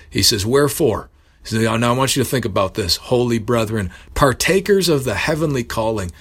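A man preaching a sermon, earnest and building to emphatic bursts, pausing to correct himself. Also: fairly low pitch, a bit bright, breathy edge.

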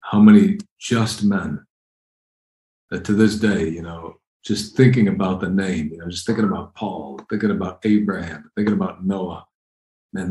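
Male preacher, lowish voice, emphatic and conversational, roomy echo. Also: a little mellow. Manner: conversational, emphatic, repeats phrases. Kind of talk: expository sermon.

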